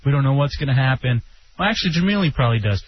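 A man's voice: medium pitch, animated, rapid-fire. Brash joking guy hosting radio, voice jumps around a lot, kinda muffled. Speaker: radio host. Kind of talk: casual radio chat. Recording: dull broadcast audio with faint noise.

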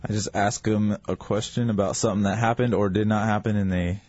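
A man's voice: fairly low pitch, steady tone, fairly quick, a little mellow, dry recording. A man on a radio show, tersely explaining and asking quiz questions. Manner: terse, plain answers. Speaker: radio show regular running a quiz game. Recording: dry, dull radio broadcast.

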